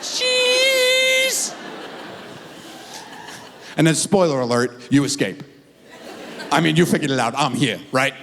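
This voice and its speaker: A middle-aged man telling a stand-up comedy story with animated, exaggerated voices, on a theater stage with a handheld mic. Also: mid-range voice, a little fast, gravelly, noisy background. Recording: echoey theater with faint crowd.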